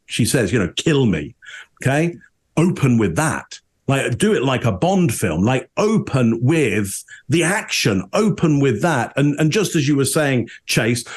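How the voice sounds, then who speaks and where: A man speaks in an easy, conversational way as a panelist. He demonstrates tones by voicing short quoted examples. His pitch sits in a middle range. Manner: animated, acts out quoted tones. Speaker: behavior analysis panelist. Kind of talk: casual panel discussion.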